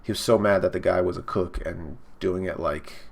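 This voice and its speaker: A man's voice: deep voice, steady tone, moderate pace, gravelly. A man giving casual live reaction commentary, rambling with many fillers. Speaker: reaction streamer.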